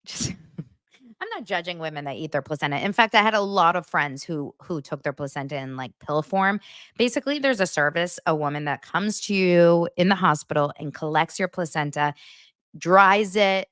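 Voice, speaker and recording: A woman's voice: lowish voice, lively intonation, moderate pace, a bit bright, clean tone, no room sound, studio quality. A woman hosting a podcast, recapping reality TV in a blunt, sarcastic, casual way. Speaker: podcast host.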